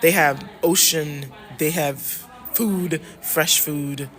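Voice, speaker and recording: A woman from the United States chatting casually in a travel vlog, animated and emphatic, repeating phrases and talking straight to her viewers. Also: deep voice, slow, soft background music. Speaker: travel vlogger and love coach.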